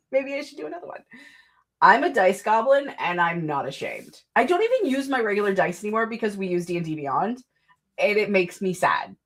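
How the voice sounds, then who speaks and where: A woman's voice: mid-range voice, sing-song, brisk. A woman streaming from her home desk, chatting casually in a rambling, self-deprecating way. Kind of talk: casual livestream chat.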